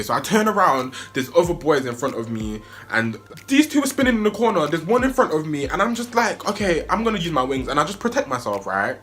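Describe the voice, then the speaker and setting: Young man, lively storyteller with a bright voice and big swings in pitch. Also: brisk, hardly any pauses. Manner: animated, excitable storytelling with sudden high-pitched yelps. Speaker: vlogger. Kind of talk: storytime vlog.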